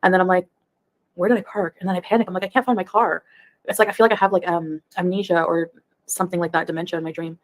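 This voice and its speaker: A woman's voice: on the low side, steady tone, fast talker. A woman in her thirties, a YouTube reaction streamer, chatting casually on a livestream in a rambling way and laughing often. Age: 30s.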